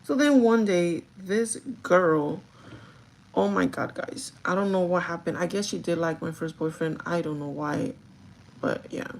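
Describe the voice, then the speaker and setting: Chatty young woman with a gravelly edge. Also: lowish voice, a little slow, slight background noise, poor audio. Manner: chatty, animated, swears freely, code-switches into Spanish quotes. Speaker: beauty vlogger. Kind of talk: casual storytime while doing makeup.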